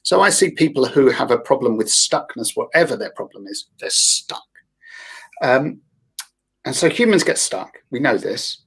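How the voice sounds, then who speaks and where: A man's voice: mid-range voice, expressive, normal speed, gravelly, a bit bright, breathy edge. A man with a London accent, a therapist talking through ideas in a casual group discussion, rambling and emphatic. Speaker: guest therapist.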